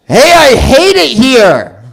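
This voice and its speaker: A comedian doing an impression of a brash New Yorker man in a put-on New York accent, drawn out and slow. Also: very high voice, huge pitch swings, gravelly, fairly bright tone, breathy edge, voice pushed up, exaggerated voice. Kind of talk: stand-up impression.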